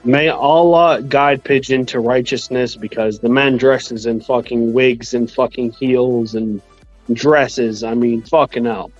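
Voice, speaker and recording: A man chatting on a boxing talk stream, provoking a guest with crude, drawn-out jabs. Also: mid-range voice, fairly even intonation, no room sound, muffled recording, soft background music. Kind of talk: casual chat.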